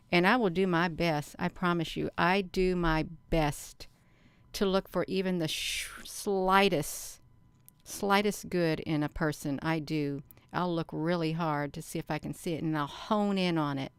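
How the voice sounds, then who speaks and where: A middle-aged woman hosting her own channel, talking slowly and earnestly to her viewers in a rambling casual monologue. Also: fairly low pitch, smooth, no echo. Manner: slow, earnest, addresses viewers as "you all". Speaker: channel host.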